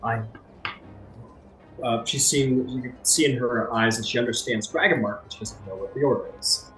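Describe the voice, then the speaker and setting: A man narrating as game master in a casual, halting way with many fillers. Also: medium pitch, a bit bright. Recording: echoey room, faint music.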